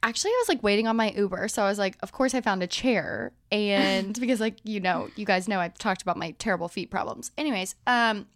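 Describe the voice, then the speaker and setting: A woman's voice: mid-range voice, quick pace, few pauses, fairly bright tone, dry recording. A young woman in her twenties co-hosting a casual podcast, telling stories with lots of laughter and acting out what people said. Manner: bubbly storyteller, laughs often, acts out quotes. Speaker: podcast co-host. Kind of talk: casual chat.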